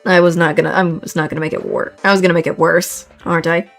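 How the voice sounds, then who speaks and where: A woman's voice: lowish voice, fast talker, vocal fry, faint music behind. A woman streamer chatting and reacting as she plays a courtroom game. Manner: chatty, giggly, lively. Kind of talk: live gameplay commentary.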